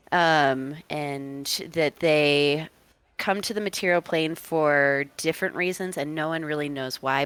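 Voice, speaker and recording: A woman's voice: low voice, fairly bright tone, clean tone. A woman running a tabletop game as game master, laughing often and hesitating with lots of ums.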